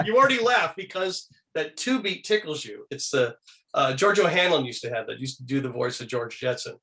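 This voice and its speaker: A man being interviewed as a guest, telling animated anecdotes and slipping into quoted voices. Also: moderate pace. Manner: animated, acts out quoted voices with big pitch jumps. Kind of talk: lively anecdotal storytelling.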